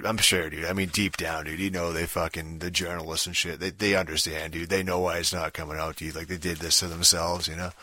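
A man's voice: sits low, bright, forceful tone, no echo. A man ranting casually about a video game, swearing constantly and rambling with lots of fillers and "dude". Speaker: gaming vlogger. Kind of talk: profane casual rant.

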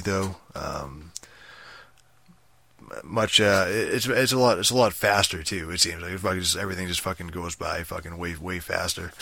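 A young man with a very low voice that still has a bright, forceful edge talks loosely and rambles. He peppers every sentence with swearing, fillers and restarts. The sound is dry and close, with no room around it. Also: no room sound. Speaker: gamer talking about a strategy game. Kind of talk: casual rambling chat.

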